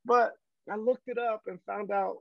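Animated male storyteller on a dull line. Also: high voice, normal speed, creaky, no room sound. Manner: animated storyteller, preacher cadence. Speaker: guest speaker. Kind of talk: storytelling interview chat.

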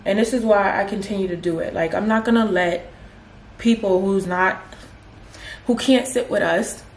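A woman in her twenties chatting casually in a vlog while she gets ready at home, with animated, slangy, dramatic storytelling. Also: mid-range voice, normal speed, slight background noise. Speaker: vlogger. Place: at home doing makeup. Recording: roomy echo.

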